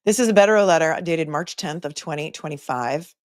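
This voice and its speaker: Speaking into a phone's microphone, this livestream host has a low voice and talks a little fast. She chats casually with her viewers and drops wry remarks while waiting, and the sound is clean, studio-like, with no trace of the room.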